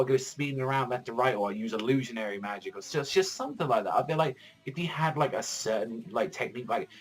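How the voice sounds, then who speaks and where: His voice is mid-range, fairly bright and slightly rough as this young man casually reviews a manga chapter, wandering off on tangents, cursing often, and leaning heavily on the filler "like".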